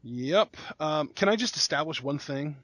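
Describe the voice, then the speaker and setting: A man's voice: fairly high pitch, animated, normal speed, fairly bright tone, no room sound. A man co-hosting a casual wrestling recap podcast, speaking in a wry, laid-back way. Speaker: podcast co-host.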